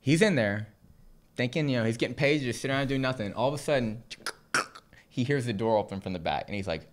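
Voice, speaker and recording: A young man from Southern California co-hosting a podcast, telling a funny story in a lively way, laughing and acting out the people in it. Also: mid-range voice, quick pace. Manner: animated, laughing, acts out the people in his story. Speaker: podcast co-host. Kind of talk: casual storytelling.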